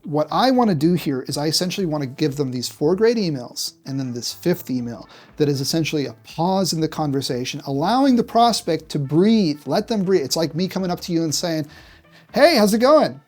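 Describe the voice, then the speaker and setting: A man's voice: on the high side, lively intonation, fairly quick, hardly any pauses, a little mellow, faint music behind. A man presenting a business tutorial straight to camera, direct and punchy, acting out examples along the way. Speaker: marketing executive presenting a tutorial.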